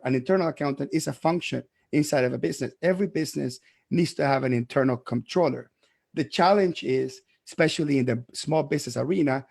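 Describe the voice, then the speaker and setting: A man's voice: mid-range voice, creaky. A man who grew up abroad, an accountant hosting a podcast, arguing his point emphatically and stumbling over restarts. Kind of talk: heated podcast debate.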